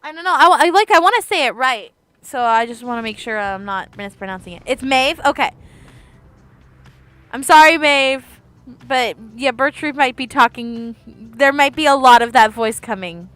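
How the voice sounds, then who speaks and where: A woman's voice: sits high, expressive, normal speed, fairly bright tone, smooth, no room sound. A young woman streaming a story game, chatting casually and giggling between readings. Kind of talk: casual let's-play commentary.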